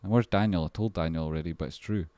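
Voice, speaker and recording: Deep-voiced excitable man. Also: racing, smooth, no room sound. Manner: swears freely, rambling and excitable. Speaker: livestream host. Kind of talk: casual livestream chat.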